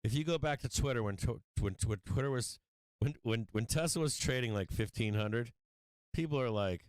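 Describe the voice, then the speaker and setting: A man's voice: medium pitch, fairly quick, darkish tone, clean tone, dry recording. Blunt, profane man hosting a trading stream. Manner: blunt, profane, laughs often. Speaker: stock market livestream host. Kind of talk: casual trading livestream talk.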